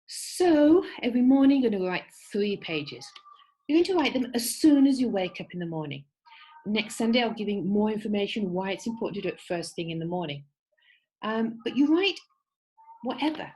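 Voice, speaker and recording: This is a woman at medium pitch with a dark tone, very animated and fairly quick, on a low-quality recording. She teaches an online creativity workshop, guiding people warmly and repeating "okay?" to make sure they're following. During a fable, she acts out the quoted voices.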